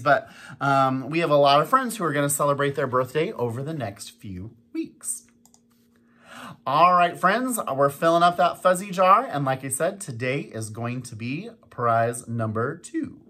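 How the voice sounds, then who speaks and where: Principal doing morning announcements for little kids: bright, mid-pitched voice, teacherly and coaxing, repeats instructions for emphasis. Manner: coaxing, teacherly address to young children. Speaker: elementary school principal.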